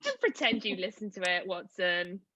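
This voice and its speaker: A Welsh woman hosting a live comedy panel show, teasing the guests and handing out points in brisk banter. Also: mid-range voice, big pitch swings, pushed and bright, breathy edge.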